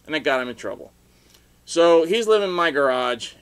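A middle-aged man rambling through a story for his video blog, with sudden loud outbursts and laughter along the way. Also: fairly high pitch, animated, brisk, clean tone. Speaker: vlogger telling stories.

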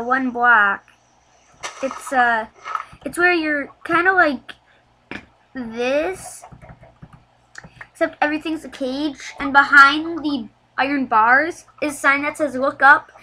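A woman giving casual, chatty commentary over a video game, getting excited and laughing as she plays. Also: sits high, slight background noise, rough recording. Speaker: gameplay commentator.

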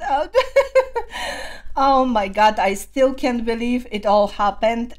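A woman with a hoarse voice from screaming, gushing breathlessly as she reacts to a concert video. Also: fairly high pitch. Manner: gushing, breathless, repeats exclamations. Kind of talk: excited reaction commentary.

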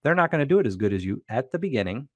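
A man's voice: mid-range voice, very animated, racing, fairly bright tone, no echo. A man co-hosting a casual business talk, speaking in a reflective coaching way with frequent restarts. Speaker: podcast co-host.

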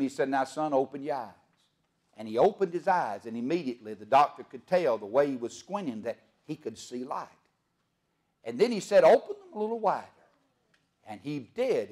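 A man preaching a sermon as pastor. He swings from loud proclaiming to hushed storytelling and asks the congregation rhetorical questions. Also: mid-range voice.

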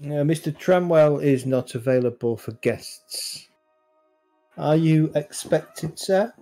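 A burly gatekeeper with a Mexican accent, given voice by a man in a tabletop game. He keeps a stiff, formal politeness that carries a quiet threat. The voice is mellow and dark, and the delivery is slow. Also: fairly high pitch, soft background music. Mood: cold polite. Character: big burly male gatekeeper, coolly polite and menacing.

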